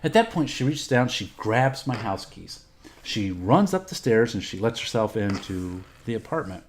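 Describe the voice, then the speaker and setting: A man's voice: on the low side, very animated, normal speed, a little hiss or hum. A middle-aged man from Texas, hosting a podcast and telling a personal story in a candid, profane, rambling way. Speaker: podcast host. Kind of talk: casual storytelling.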